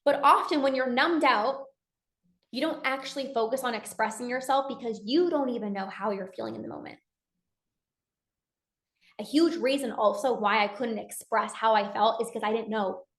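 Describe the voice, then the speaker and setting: A woman's voice: on the high side, normal speed, roomy sound. A woman coach giving a casual motivational talk, speaking earnestly and acting out inner dialogue. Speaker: binge eating coach.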